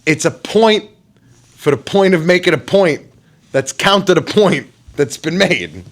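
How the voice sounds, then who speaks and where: A man co-hosting a podcast, arguing in casual, profane banter and bursting into shouts. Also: on the high side, expressive, a little slow. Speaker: podcast co-host.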